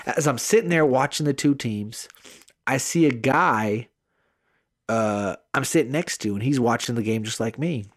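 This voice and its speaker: Man co-host in mid-range voice, lively casual anecdote teller, dry close mic. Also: mid-range voice, moderate pace, no room sound. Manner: animated, swearing anecdote telling. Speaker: podcast co-host. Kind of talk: casual storytelling chat.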